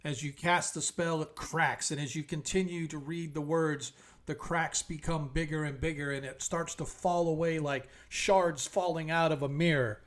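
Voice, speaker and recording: A man narrating a tabletop game as game master, describing scenes in slow, measured steps with a few fillers. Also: fairly high pitch, fairly even intonation.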